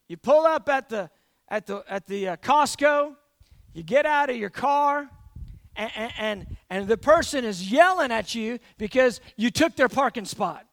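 A man with a strikingly high voice and a gravelly edge preaches in a loose, talky style, stumbling over repeated words as he acts out everyday scenes. His voice sounds close and dry. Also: no echo. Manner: animated, acts out everyday scenes with frequent restarts. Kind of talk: conversational sermon.

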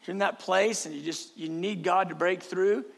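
A man preaching a passionate sermon, swinging between shouting and hushed, lowered speech. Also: fairly even intonation, moderate pace, gravelly.

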